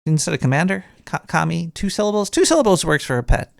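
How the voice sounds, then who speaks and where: A jittery, paranoid sewer rat hosting his own late-night call-in show, as a man puts on the voice. His mid-pitched voice is gravelly with a creaky edge, and he rambles and restarts his sentences. The sound is dry and close, with no room around it. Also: animated, fast, no echo. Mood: rambling. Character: paranoid male cartoon sewer rat host. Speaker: radio show host.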